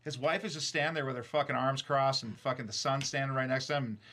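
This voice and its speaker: Bright-voiced man telling profane stories. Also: medium pitch, quick pace. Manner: profane, animated anecdote telling with frequent fillers. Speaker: streamer and band frontman. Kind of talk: casual storytelling chat. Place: recording studio.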